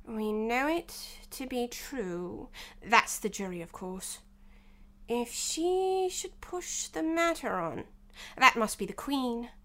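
A woman voicing a fussy, pompous king of cards who talks slowly and mutters to himself. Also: mid-range voice, sharp tone, natural voice. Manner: slow, muttering, self-satisfied.

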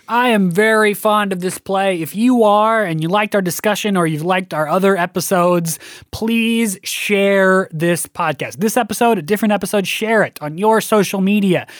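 A man's voice: high-pitched, moderate pace, no room sound, studio quality. A man co-hosting a podcast, explaining ideas in a thoughtful, casual way. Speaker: podcast co-host.

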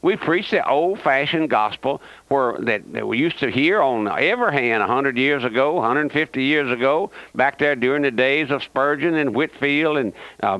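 A man's voice: on the high side, no room sound. A man with a Southern US accent, preaching a radio sermon in an emphatic, repetitive way with many asides. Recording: dull lo-fi radio broadcast.

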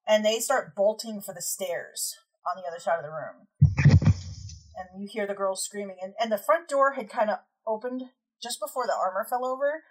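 A woman's voice: mid-range voice, normal speed, rough recording. A woman running a tabletop game as game master, narrating scenes loosely with lots of "like" and "kinda".

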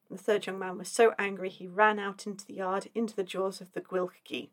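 A woman telling a spooky folk tale in a relaxed, chatty way, with frequent filler sounds. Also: mid-range voice, brisk, few pauses, poor audio. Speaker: storyteller. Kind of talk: conversational folklore storytelling.

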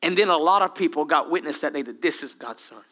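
A man preaching a sermon with humor, dramatic whispers and sudden loud bursts. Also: fairly high pitch, expressive, quick pace. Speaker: pastor.

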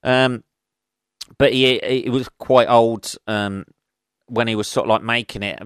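A man's voice: medium pitch, steady tone, measured pace, a bit bright, clean tone, dry recording. An English man, a comedian hosting his own podcast, rambling casually with lots of swearing and self-mocking asides into a close mic.

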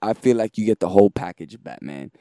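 A man's voice: on the low side, lively intonation, fast talker, warm tone, clean tone, no echo, clean studio sound. A man co-hosting a comic book podcast, chatting casually and agreeing with his co-host.

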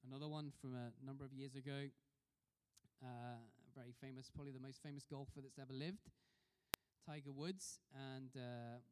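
A man's voice: medium pitch, fairly even intonation, moderate pace, heavy background noise. A man preaching a sermon in a conversational way, putting questions to the congregation. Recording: long reverb of a hall.

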